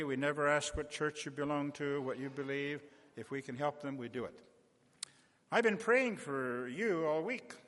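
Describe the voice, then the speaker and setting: A man's voice: medium pitch, fairly bright tone. A man preaching as a visiting pastor, making a folksy fundraising appeal to a church congregation with little stories and direct requests. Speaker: visiting preacher raising funds. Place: church sanctuary. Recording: long church reverb.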